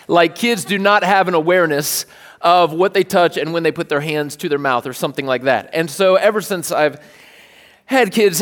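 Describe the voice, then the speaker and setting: A man's voice: fairly high pitch, fairly bright tone. A man in his thirties preaching a casual sermon, telling a story with self-deprecating humor. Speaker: pastor. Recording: long hall reverb.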